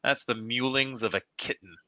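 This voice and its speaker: A man's voice: medium pitch, normal speed, bright, forceful tone, no echo. A man playing a tabletop role-playing game, speaking as a dry, sarcastic starship captain. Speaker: player.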